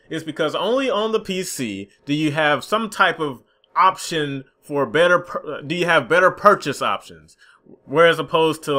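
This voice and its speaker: A young man rants about a game release in a bright, tense voice that sits a little high. He sounds frustrated and swears freely, slipping into mocking sarcasm. It's a casual commentary vlog. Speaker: gaming YouTuber.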